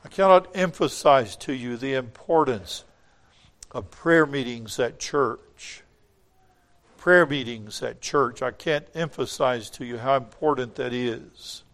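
A man preaches a sermon at a slow pace, speaking emphatically and repeating phrases for weight. His voice swells to loud peaks, then sinks low and quiet.

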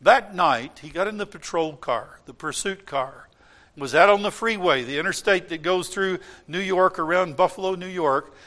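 Impassioned male preacher, loud swings. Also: sits high, normal speed. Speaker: pastor. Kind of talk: sermon. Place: church.

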